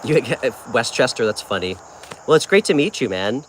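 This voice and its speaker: This is a friendly, chatty New Yorker fielding viewer comments during a casual live tarot stream. His medium-pitched voice is very animated at a normal speed, and a little hiss or hum can be heard.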